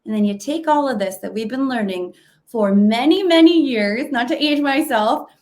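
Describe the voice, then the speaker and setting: A woman's voice: fairly high pitch, expressive, normal speed, darkish tone. A woman giving a conversational webinar presentation over a video call, with plenty of fillers and restarts. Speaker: webinar speaker. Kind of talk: virtual presentation talk.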